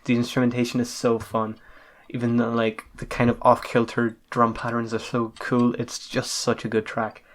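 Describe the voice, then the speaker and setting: A man's voice: mid-range voice, completely flat delivery, normal speed. A man co-hosting a casual podcast chat, gushing and swearing freely. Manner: enthusiastic, swears a lot. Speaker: podcast co-host.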